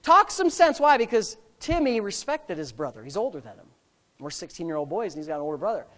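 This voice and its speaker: A man's voice: fairly high pitch, fast talker. A middle-aged man, a pastor, telling a story in a sermon and acting out the voices. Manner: animated, acts out voices.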